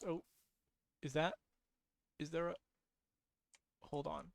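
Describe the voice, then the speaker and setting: Sleepy rambling man, slightly high voice. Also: slow pace, creaky, pauses often. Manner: rambling, repeats himself, easily excited. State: sleepy, yawning. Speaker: streamer. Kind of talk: casual gameplay commentary.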